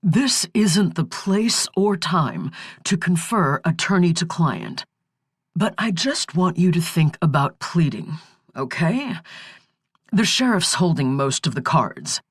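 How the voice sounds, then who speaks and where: A woman voicing a male defense attorney who speaks in a measured, soothing way. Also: big pitch swings, slightly rough, no echo, studio quality, heavily acted. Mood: hushed. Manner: measured, soothing, low-key. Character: calm male defense lawyer.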